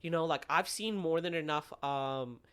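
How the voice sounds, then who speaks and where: A man's voice: on the high side, moderate pace, fairly bright tone, clean tone. A young man co-hosting a podcast, talking casually and rambling, with many fillers as he searches for words. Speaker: podcast co-host. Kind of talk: casual chat.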